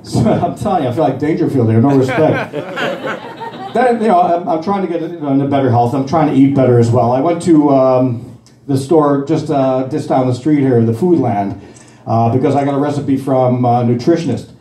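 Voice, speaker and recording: A man's voice: medium pitch, mellow, roomy sound. Rambling older man doing stand-up. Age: 60s. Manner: rambling, halting delivery with many fillers and restarts. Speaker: amateur stand-up comic. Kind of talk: stand-up comedy.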